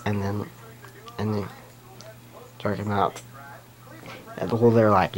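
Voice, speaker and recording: Slow rambling man recapping cartoon episodes. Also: lowish voice, little pitch movement, poor audio. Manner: rambling, many restarts, giggly. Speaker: YouTube episode reviewer. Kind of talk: casual unscripted recap.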